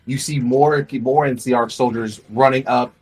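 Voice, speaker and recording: A man's voice: medium pitch, fairly even intonation, moderate pace, slight background noise, poor audio. A man narrating as game master for a tabletop role-playing game, describing scenes loosely with many fillers.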